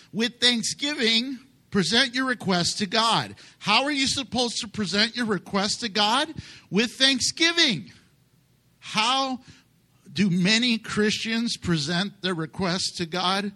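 A man's voice: extremely high pitch, bright, forceful tone. A pastor preaching a conversational, emphatic sermon to his congregation, joking with them along the way.

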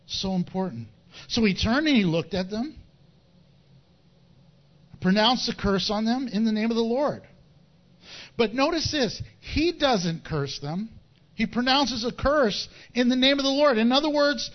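A man preaching a sermon with animated delivery, chuckling at his own wordplay. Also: extremely high pitch, dull audio. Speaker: pastor.

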